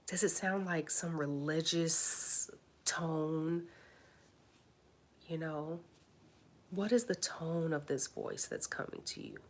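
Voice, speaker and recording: A woman's voice: low voice, big pitch swings, takes it slowly, pauses often, darkish tone, slight background noise. A woman life coach leading a live online workshop, talking emphatically, checking in with "okay?" and dropping to a whisper to stress points.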